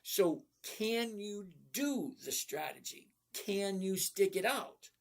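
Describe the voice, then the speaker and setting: Speaking slowly in a high, creaky voice with lively intonation, a middle-aged man answers trading questions from his livestream viewers. His style is casual, blunt and folksy, and he often says "okay?"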